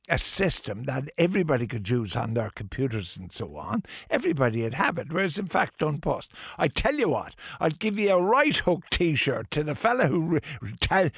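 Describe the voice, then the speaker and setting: An older man hosts a radio talk show, his voice gravelly with a lot of fry. He rambles playfully, his pitch leaping up and down as he builds to theatrical bursts. The studio sound is close and dry. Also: no echo. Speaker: radio host. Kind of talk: casual radio chat. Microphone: studio microphone.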